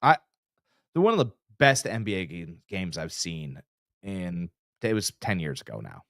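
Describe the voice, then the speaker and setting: A man co-hosting a casual sports podcast, his pitch swinging widely as he spins stories. He trails off and restarts often. The sound is dry and close to the mic. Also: moderate pace, no echo. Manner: animated storyteller, trails off and restarts.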